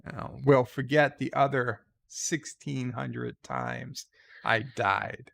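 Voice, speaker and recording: A man's voice: medium pitch, takes it slowly, gravelly, fairly bright tone. A man hosting a livestream, reading viewer comments aloud and rambling through wry asides. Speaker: livestream host.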